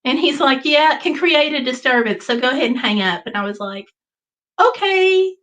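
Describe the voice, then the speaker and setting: A woman hosting a casual livestream, telling a travel story in an animated way and reading viewer comments aloud. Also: high-pitched, fairly quick, poor audio. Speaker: livestream host. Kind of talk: casual live chat.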